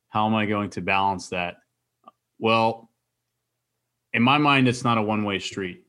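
Bright-voiced man chatting energetically. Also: fairly low pitch. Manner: rambling, energetic, animated storytelling. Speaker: podcast co-host. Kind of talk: casual chat.

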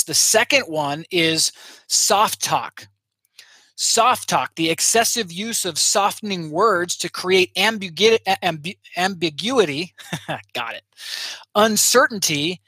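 Motivational communication coach, husky edge, dry close sound, quizzes the audience. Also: medium pitch, bright, forceful tone, no echo. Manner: asks the audience rhetorical questions; acts out short example phrases. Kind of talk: motivational teaching talk to an audience.

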